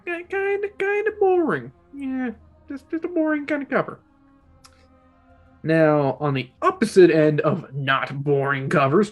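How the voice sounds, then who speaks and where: A book club host giving a casual, opinionated video review, rambling and often restarting sentences. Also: medium pitch.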